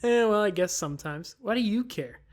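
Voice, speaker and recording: A woman's voice: medium pitch, animated, moderate pace, natural voice. A woman reading the lines of a prickly, defensive teenage girl from a visual novel, in a snappy tone.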